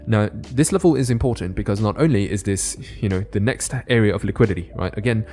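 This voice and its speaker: Casual low-voiced man explaining trading charts. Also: fast talker, a little mellow, faint music behind. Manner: casual, keeps adding "right?" tag questions. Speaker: crypto trading YouTuber. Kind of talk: chart analysis narration.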